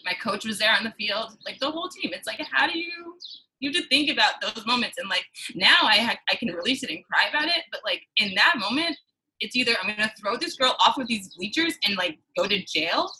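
A woman's voice: mid-range voice, sharp tone, slight background noise, low-quality recording. A woman in her thirties from the New York City suburbs, talking in a heated, emphatic way and swearing freely in a casual conversation. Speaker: guest.

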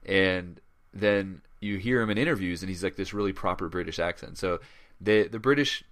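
A man's voice: low voice, normal speed, fairly bright tone. A man co-hosting a podcast in casual chat, rambling with lots of fillers and restarts. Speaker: podcast co-host.

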